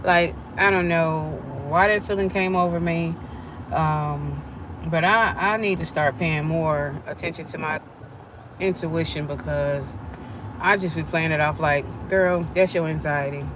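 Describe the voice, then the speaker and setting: A woman's voice: low-pitched, measured pace, background noise. A middle-aged woman, chatting with viewers during a live stream and acting out the voices in her story. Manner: animated, acts out quoted voices.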